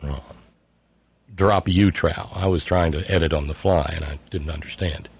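A man's voice: very deep voice, fairly even intonation, normal speed, husky. A middle-aged man hosting a call-in radio show, sardonic, reading listener messages aloud in mocking voices. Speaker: radio talk show host.

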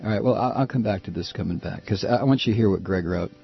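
A man hosting a political talk radio show, animated and sarcastic, with a husky voice. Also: lowish voice, fast talker, soft background music. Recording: dull lo-fi broadcast sound.

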